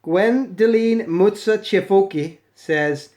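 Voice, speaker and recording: A man's voice: sits high, takes it slowly, a little mellow. A British man giving sarcastic, swearing commentary on comments he reads aloud in mocking voices. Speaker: video commentator.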